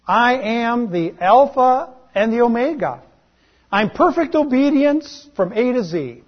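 A man preaching a sermon in a slow, deliberate way, letting his voice drop on key words. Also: sits high, breathy edge, lo-fi sound. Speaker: pastor.

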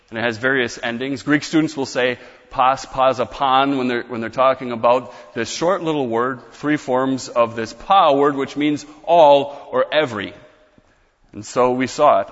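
A man's voice: medium pitch, fairly bright tone, long reverb tail, dull audio. A man preaching a sermon as pastor, explaining scripture in a conversational teaching manner with casual asides.

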